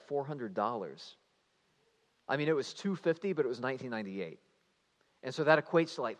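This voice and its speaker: A man, a youth pastor telling stories in a lively, animated sermon, swinging between playful and hushed. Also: medium pitch. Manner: animated storyteller, shouting and mimicking for comic effect. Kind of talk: storytelling sermon. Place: church hall. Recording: reverberant church hall.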